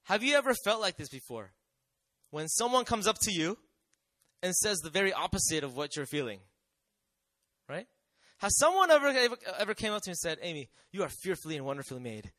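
A man preaching a sermon, swinging between emphatic declarations and quiet, conversational asides to his congregation. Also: high voice, very animated, brisk, no room sound. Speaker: pastor.

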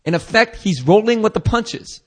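A male pastor preaching a casual, animated sermon, acting out Bible characters in changing voices and using slang. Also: high voice, normal speed, slightly rough.

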